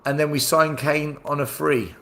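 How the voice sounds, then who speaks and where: A man's voice: fairly high pitch, fairly even intonation, moderate pace, a bit bright. A man hosting a football fan livestream, chatting casually and reading out viewer comments with playful banter. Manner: hype-man introductions, banter. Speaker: host of fan watchalong show. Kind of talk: casual chat with live chat readers.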